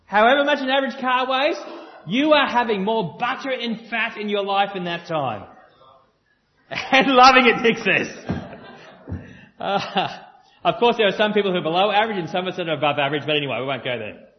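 A man with a high voice preaches to a live congregation, pressing his points through repetition and breaking into playful back-and-forth with the room. The recording sounds dull and lo-fi. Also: lively intonation, a little fast. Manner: earnest and emphatic, repeats phrases, jokes with the audience. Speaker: pastor.

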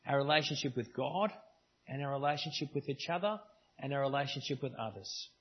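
A man's voice: medium pitch, a little fast, slightly rough, muffled recording. A man preaching a sermon at a church service, in a conversational style with varied emphasis. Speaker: pastor.

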